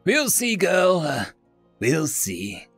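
A man voicing a gentle, worried male alien scientist. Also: a little high, wildly swooping pitch, takes it slowly, breathy edge, no room sound, faint music behind, heavily acted. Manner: soft, worried.

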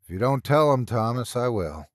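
A man's voice: medium pitch, lively intonation, moderate pace, dry recording, clean studio sound, close to an everyday voice. A man doing a blunt, shrewd woman doctor. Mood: sharp. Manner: firm and blunt, sometimes soft.

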